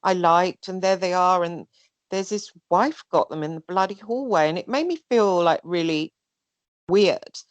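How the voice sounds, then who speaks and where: Animated woman telling a story. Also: lowish voice, moderate pace, dry recording. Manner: rambling, animated, mimics others' voices. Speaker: guest. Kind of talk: casual personal storytelling.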